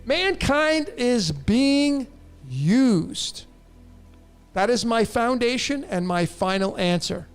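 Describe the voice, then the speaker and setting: A man's voice: very high voice, expressive, slow, clear, resonant tone, soft background music. A man hosting a numerology show who answers viewer questions in a blunt, emphatic monologue and speaks straight to his listeners.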